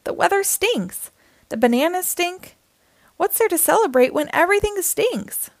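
A woman's voice: a little high, sing-song, unhurried, no echo, exaggerated voice. A woman voicing a grumpy male monkey who grumbles and snaps in a storybook. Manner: grumbling, snapping.

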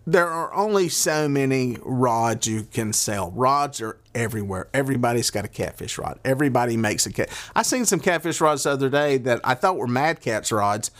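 A man's voice: mid-range voice, animated, normal speed, few pauses, fairly bright tone. A man with a Southern accent hosting a podcast in a loose, rambling monologue, folksy and full of filler words. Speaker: podcast host. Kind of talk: casual monologue. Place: at a desk.

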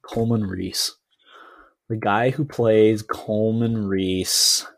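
Low-voiced man hesitantly discussing a film. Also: fairly even intonation, vocal fry, dry recording. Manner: measured, hesitant, many "um"s. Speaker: podcast co-host. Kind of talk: casual film review chat.

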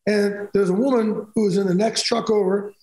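A man's voice: sits high, fairly even intonation, moderate pace, a little mellow, roomy sound, low-quality recording. A man telling personal stories as a podcast guest, emphatic and rambling, restarting sentences often. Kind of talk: candid storytelling in a podcast interview.

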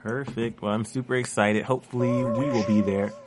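A man's voice: medium pitch, steady tone, a little fast, slight background noise. A man co-hosting a fan talk show, upbeat and moving the segments along. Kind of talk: casual panel discussion.

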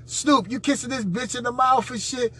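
A man hosting a podcast, reacting to played audio with loud, profane, mocking commentary that swings from squeals to low growls. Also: moderate pace, slightly rough.

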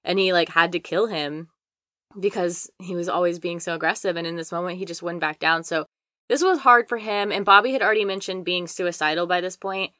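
A woman's voice: fairly low pitch, fairly quick, sharp tone, dry recording, clean studio sound. A young woman co-hosting a podcast, casually retelling a true-crime story with lots of "like" and swearing. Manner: chatty, heavy use of "like" and swearing. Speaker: podcast co-host.

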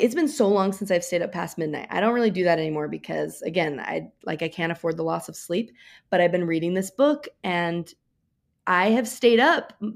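A woman in her thirties co-hosting a podcast, chatting in a giggly, rambling way. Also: medium pitch. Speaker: podcast co-host. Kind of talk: casual chat.

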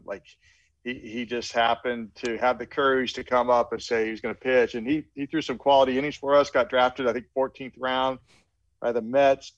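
A man's voice: medium pitch, no room sound. A middle-aged man, a veteran baseball coach from the Pacific Northwest, telling recruiting stories in an interview and acting out the dialogue. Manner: animated anecdotes, acts out quoted dialogue. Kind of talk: storytelling interview answer. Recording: dry, dull lo-fi podcast audio.

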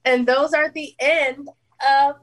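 Woman, sports chat co-host, somewhat high voice, upbeat, casual swearing. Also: fairly even intonation, slow pace, poor audio. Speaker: podcast co-host.

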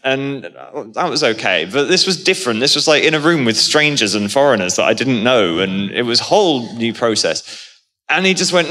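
A man tells lively stories as a guest on a convention stage. His voice is bright and forward, and he laughs often. The hall gives the sound a long reverb. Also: mid-range voice, a little fast. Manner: animated storyteller, laughing often. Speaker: actor guest. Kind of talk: live stage interview.

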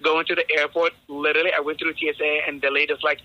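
A man from Kenya, a drag queen, chatting as a podcast guest and telling stories in a lively, animated way. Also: on the high side, racing, highs cut off. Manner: lively, animated storytelling, calls people "honey". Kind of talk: casual interview chat.

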